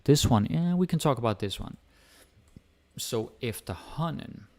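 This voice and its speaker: A man with a Danish accent teaching a relaxed language lesson, explaining step by step and switching between English and Danish. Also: mid-range voice, measured pace, no room sound.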